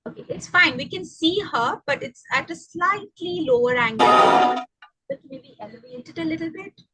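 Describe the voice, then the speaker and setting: A woman's voice: extremely high pitch, sing-song, moderate pace, over music, low-quality recording. A woman hosting an online event over a video call, encouraging and reading out audience comments. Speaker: event host.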